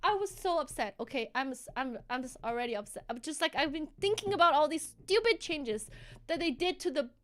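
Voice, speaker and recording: High-voiced woman ranting on stream. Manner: animated, heated, quick restarts. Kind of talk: casual live-stream rant.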